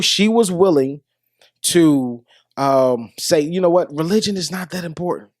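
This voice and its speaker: A man's voice: on the high side, no room sound, clean studio sound. A man hosting a podcast who talks to his listeners about dating in a casual, preachy way and repeats his questions for emphasis. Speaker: podcast host. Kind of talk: casual monologue on relationships.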